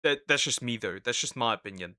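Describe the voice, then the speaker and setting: Man, vtuber reaction commentary, sarcastic, bright voice, dry close sound. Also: medium pitch, lively intonation, a little fast, no echo. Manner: sarcastic, mocking asides; repeats "right?" as a tag. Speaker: vtuber reacting to online drama.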